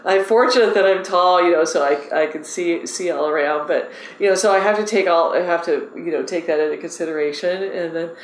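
A woman fishing guide, excitable and animated, telling stories in a casual interview. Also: on the low side, brisk, hardly any pauses, echoey room, a little hiss or hum, poor audio.

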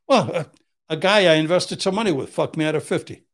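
A man's voice: a little high, animated, brisk, gravelly. An older man, a criminal defense attorney, telling blunt, profane stories in casual chat and acting out what people said. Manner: profane, blunt, acts out quotes.

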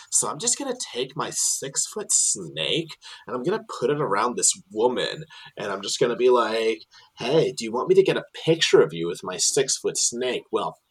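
A man's voice: lowish voice, breathy edge, full character voice, poor audio. A man doing a sly whispering snake hustler. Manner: quiet, scheming, drawn-out muttering. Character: sly slick-talking male snake hustler.

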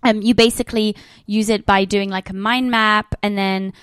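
A young woman hosts a casual podcast chat, blunt and quick to swear while poking fun at herself. Her voice sits in an ordinary middle register. The sound is dry and close, with no room echo. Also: mid-range voice, fairly even intonation, clean tone. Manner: blunt and sweary, self-mocking. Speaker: podcast host.

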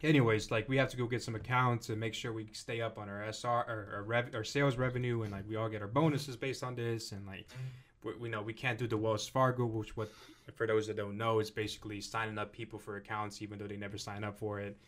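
Slightly low-voiced young man telling stories. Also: little pitch movement, fast talker, fairly bright tone. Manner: rambling, profane storytelling with slang. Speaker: podcast co-host. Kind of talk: casual podcast chat.

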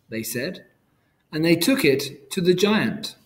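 A man reading a children's story aloud, clearly and carefully, as a storyteller. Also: fairly high pitch, sing-song, takes it slowly.

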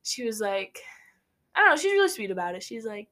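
Young woman from Nebraska, casual vlog storyteller, giggly, filler-heavy, mid-pitched voice. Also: sing-song, fairly quick, long pauses, sharp tone. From Nebraska, USA. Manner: chatty, laughs often, many "like" fillers. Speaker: vlogger.

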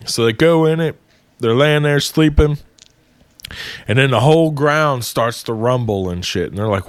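A man casually retelling an old myth to a friend, swearing freely and getting animated. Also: mid-range voice, moderate pace, no echo. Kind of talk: casual storytelling.

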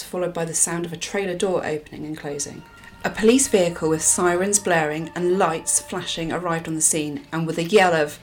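A woman from England telling a true crime case in a casual chat, with dramatic pauses. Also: lowish voice.

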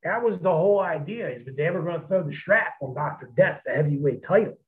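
A former pro wrestler rambles through his old stories, blunt and full of cursing. His voice sits a bit high for a man and comes through a tinny, phone-like line. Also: animated, fairly quick. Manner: profane, blunt, rambling anecdotes. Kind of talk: casual storytelling.

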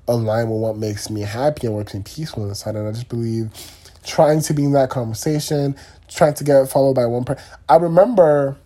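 A young man talks alone on his podcast, drifting from thought to thought in a loose, candid ramble. His voice is warm and a little breathy. He swears offhandedly as he goes. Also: mid-range voice. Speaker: podcast host. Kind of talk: solo podcast monologue.

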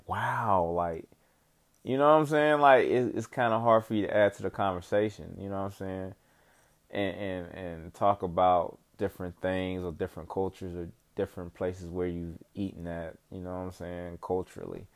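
A young man rambling casually about his life, swearing often and leaning on slang and "you know what I'm saying.". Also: sits low. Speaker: vlogger giving life updates. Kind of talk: casual profane monologue.

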